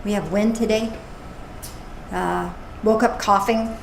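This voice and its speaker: A woman minister giving a casual, playful sermon with animated asides. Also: medium pitch, takes it slowly, vocal fry. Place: church service. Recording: echoey room with faint noise.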